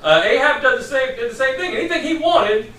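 A man's voice: extremely high pitch, expressive, fairly quick, bright, forceful tone, slight background noise. A middle-aged man preaching a sermon in a conversational, storytelling way, from a distant mic in a church hall.

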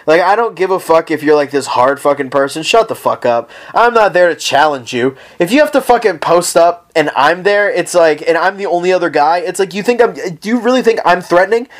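Brief: profane, rambling solo podcast host, slightly high-pitched man. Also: lively intonation, fairly quick, few pauses. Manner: profane, rambling, comic ranting. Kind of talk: casual solo podcast rant. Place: at home, lying down.

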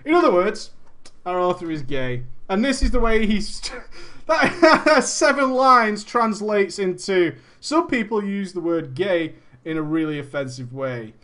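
Man, streamer, high voice, story reading, frequent laughs, teasing commentary. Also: big pitch swings, measured pace, fairly bright tone. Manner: laughs often, mocking asides.

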